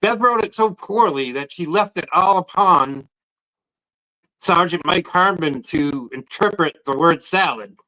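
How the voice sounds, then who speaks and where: A man chats casually on a podcast. His voice sits slightly high and sounds bright and forward. He rambles and restarts his sentences a lot. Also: lively intonation, a little slow, low-quality recording. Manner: rambling, repeats words when starting sentences. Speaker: guest protester.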